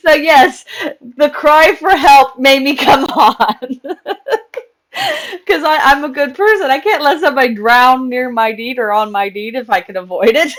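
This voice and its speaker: A young woman with a high voice talks casually to her live stream audience while she plays. She rambles, restarts her sentences and breaks into laughter often. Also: unhurried, a bit bright.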